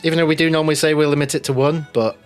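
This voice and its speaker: A man's voice: a little high, steady tone, racing, clear, resonant tone, faint music behind. Chatty laughing game master man. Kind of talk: running a tabletop game.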